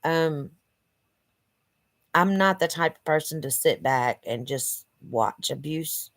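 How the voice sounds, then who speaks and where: Here a woman with a deep, animated voice talks at a slow pace, with no room sound. It's a casual vlog: the channel host addresses her viewers from her living room, earnest and meandering, dropping plenty of "you know" fillers, her nose a bit stuffy from allergies.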